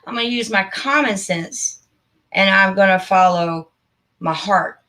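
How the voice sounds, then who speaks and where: A woman's voice: mid-range voice, a little slow, pushed and bright. A middle-aged woman hosting a casual live stream, talking in a heartfelt, rambling and emphatic way. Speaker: channel host.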